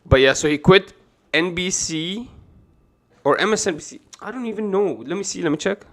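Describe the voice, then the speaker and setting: Animated, profane streamer man. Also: high-pitched, normal speed. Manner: excitable, profane, laughs hard. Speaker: streamer reacting to videos. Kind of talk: casual livestream reaction.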